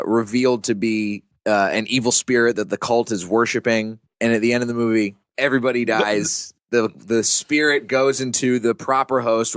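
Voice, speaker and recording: A man's voice: on the low side, fairly bright tone, smooth, dry recording. Man hosting a casual movie podcast. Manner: enthusiastic, explains plot at length. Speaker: podcast host.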